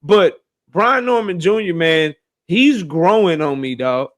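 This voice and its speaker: A man's voice: fairly high pitch, lively intonation, slow pace. A man giving emphatic, slangy opinions on boxing in a casual debate. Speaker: boxing commentator.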